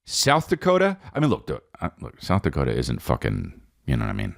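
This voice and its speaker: Low-voiced guy comedian ranting on his podcast, super swingy delivery, swears a lot, says dude constantly. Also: a little fast, vocal fry. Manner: animated, profane, addresses listener as dude. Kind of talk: rambling comic monologue.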